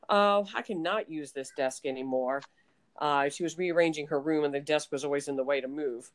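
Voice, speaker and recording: Low-voiced woman telling stories. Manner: animated storyteller, lots of laughing asides. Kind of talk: casual chat.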